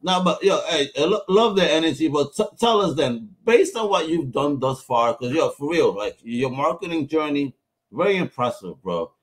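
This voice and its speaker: A man's voice: on the high side, animated, normal speed, breathy edge. A man hosting a podcast in loose, casual chat, full of slang and swearing, who tells stories with gusto. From Puerto Rico. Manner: loose and profane, slangy storyteller. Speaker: podcast host.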